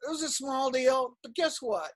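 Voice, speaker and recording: A man's voice: extremely high pitch, moderate pace, fairly bright tone. A man co-hosting a podcast, chatting casually and telling stories with a flippant, joking manner. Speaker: podcast co-host.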